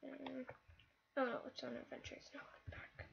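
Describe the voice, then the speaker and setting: A female host giving live gameplay commentary, excitable and easily frustrated, with lots of exclamations. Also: sits high, moderate pace, vocal fry, lo-fi sound, background noise. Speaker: gaming channel host.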